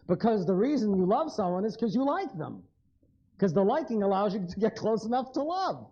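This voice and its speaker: A man's voice: high-pitched, big pitch swings, a little fast, dark tone, muffled recording. A man giving a live lecture, blunt and wry, speaking straight to his audience.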